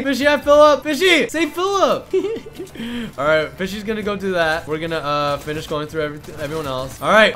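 A man hosting an in-game fashion show for a gaming channel, excitable and teasing, often breaking into playful shouts. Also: extremely high pitch.

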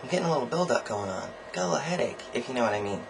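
A young man recording a casual video diary, ranting about college in a campy, sarcastic and profane way, swinging his pitch and volume up and down as he jokes. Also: animated, quick pace, few pauses, slight background noise, poor audio. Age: young adult. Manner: sarcastic, jokey asides. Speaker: college student vlogger.

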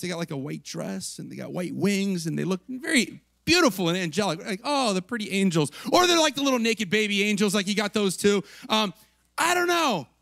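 A male pastor giving an easygoing sermon in a high, bright voice. He talks in a loose, chatty way and acts out the quotes, and the sound is dry and close with no room echo. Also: vocal fry. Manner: chatty, lots of "like" and "right?", acts out quotes with laughs. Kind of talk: casual conversational sermon.

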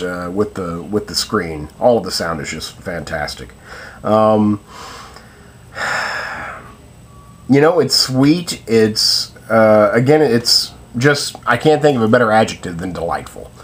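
A man with a fairly low voice talks through a casual film review. He hesitates often, restarting sentences and filling gaps with "uh" and "um". A faint hiss of noise sits under his voice. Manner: hesitant, many fillers and restarts.

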